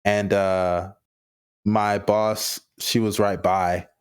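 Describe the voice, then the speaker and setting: A man's voice: fairly low pitch, little pitch movement, very slow, smooth. A young man on a podcast, telling a casual story in a loose, rambling way with lots of fillers and chuckles. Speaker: podcast guest.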